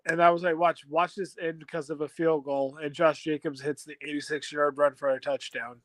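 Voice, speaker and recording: A man's voice: on the high side, level tone, a little fast, fairly bright tone, no echo. A man co-hosting a sports podcast, telling stories and teasing his co-hosts in casual banter. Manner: storytelling, teasing. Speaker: podcast co-host.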